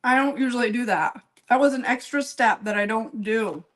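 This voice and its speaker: A woman's voice: on the high side, normal speed, a bit bright, low-quality recording. A woman with a slightly raised voice chats her way through a baking session, rambling and poking fun at herself. She talks straight to her viewers by name and laughs often. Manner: rambling, self-deprecating, chatty while working. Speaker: home baker. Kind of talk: casual live-stream baking chat.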